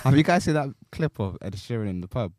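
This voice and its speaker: A young man trades jokes with his friends on a podcast. His pitch jumps wildly from low to high as he laughs and teases. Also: fast talker, no room sound, studio quality. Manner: expressive, laughing, teasing banter. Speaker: podcast co-host. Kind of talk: casual chat.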